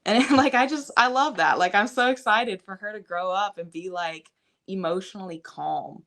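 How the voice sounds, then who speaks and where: A woman's voice: mid-range voice, normal speed, fairly bright tone. A young adult woman talking casually as a podcast guest, rambling with many fillers. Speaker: guest, fitness coach and mother.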